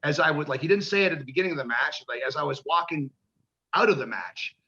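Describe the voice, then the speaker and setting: A pro wrestler in a casual interview tells rambling, profane stories, acting out the voices of the people he quotes. His voice is on the high side, fast and bright with a forceful edge, though the audio sounds dull.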